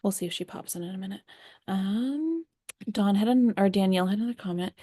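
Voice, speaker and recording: A woman's voice: mid-range voice, animated, a little fast, warm tone, dry recording, clean studio sound. A young woman hosting a live chat, answering viewer questions in a friendly, reassuring way with lots of fillers.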